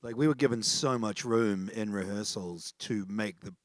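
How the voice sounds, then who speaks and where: A man on a theatre panel talks with a playful, joking manner. His voice sits somewhat low. The sound is dry, with little room. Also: moderate pace, dry recording. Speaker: stage actor on a panel. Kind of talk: panel discussion.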